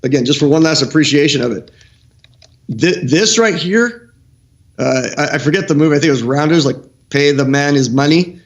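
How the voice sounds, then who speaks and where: A middle-aged male football coach breaking down game film on a live stream show, animated and excitable, often restarting his sentences. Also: on the high side, fairly quick, muffled recording. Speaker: football coach, guest analyst.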